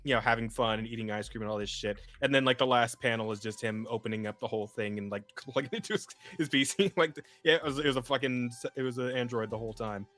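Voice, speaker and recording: A man's voice: mid-range voice, fast, few pauses, fairly bright tone. A man co-hosting a podcast, chatting casually and profanely as he reacts to videos, often laughing. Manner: profane, laughing, loose rambling. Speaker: podcast co-host.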